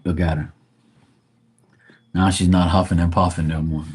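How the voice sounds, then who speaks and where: A man's voice: low-pitched, little pitch movement, normal speed, a little mellow, breathy edge. A man hosting a casual live stream from home, greeting viewers by name and teasing his dog in a laid-back way. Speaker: live stream tarot reader.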